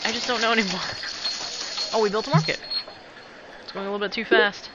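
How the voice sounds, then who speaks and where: A man narrates his strategy game in a loose, joking way, chatting with the units on screen and breaking into excited yelps. His voice sits a little high for a man. Loud game music plays under him the whole time. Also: fast, pauses often, highs cut off. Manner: playful, jokey, talks to game characters, sudden excited yelps. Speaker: gamer narrating a let's play. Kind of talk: casual let's play commentary.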